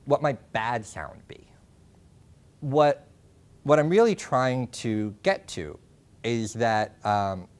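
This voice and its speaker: Young male workshop presenter, lowish voice, halting lecture delivery with frequent fillers. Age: young adult. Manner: halting, many ums and restarts. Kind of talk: classroom lecture. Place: classroom. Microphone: lapel mic.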